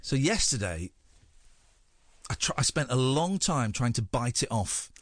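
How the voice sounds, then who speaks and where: A man's voice: medium pitch, very animated, unhurried, dry recording. A man with an English accent hosting a radio show, rambling and self-mocking in casual chat. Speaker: radio host.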